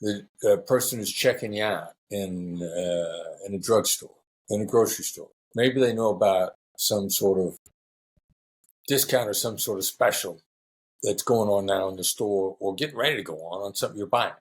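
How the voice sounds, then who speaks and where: A middle-aged man, a former hostage negotiator, answering interview questions in a relaxed storytelling way and acting out quoted voices. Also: fairly low pitch, moderate pace, husky.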